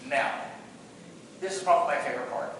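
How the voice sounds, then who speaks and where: High, bright-voiced man telling a story in an echoey hall. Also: a little fast. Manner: animated, self-mocking storyteller. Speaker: conference speaker. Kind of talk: storytelling keynote. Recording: echoey hall from far off with faint noise.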